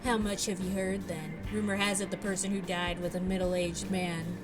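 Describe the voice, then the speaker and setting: A woman's voice: lowish voice, flat delivery, normal speed, natural voice. A woman voicing a courteous male taxi driver in a formal, butler-like manner, with music behind her. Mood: polite.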